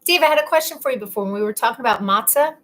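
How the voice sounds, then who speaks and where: A woman's voice: a little high, expressive, rapid-fire, fairly bright tone. A young woman hosting a casual live stream, reading viewer comments in a chatty, playful, teasing way, sometimes talking with her mouth full as she eats. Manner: talks with her mouth full while eating.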